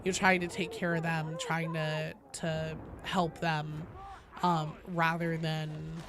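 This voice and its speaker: A woman game streamer with a badly damaged, hoarse voice, coughing now and then as she chats casually with her live chat, rambling and swearing freely. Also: sits low, flat delivery, takes it slowly, noisy background. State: coughing between sentences. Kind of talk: casual livestream chat, answering chat.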